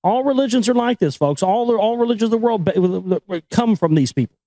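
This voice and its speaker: This reader and commentator has a high, warm voice and speaks briskly and animatedly on a rough, roomless recording. As he reads a book aloud, he trips over names and words, fixes his mistakes, and tosses in irreverent remarks.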